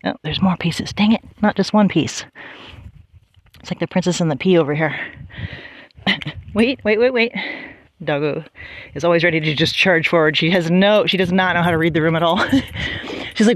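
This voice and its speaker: A woman chatting casually and telling a funny story, laughing often and retelling scenes with animated voices. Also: on the low side, moderate pace, long pauses, dry recording. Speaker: podcast host. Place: outdoors on a property.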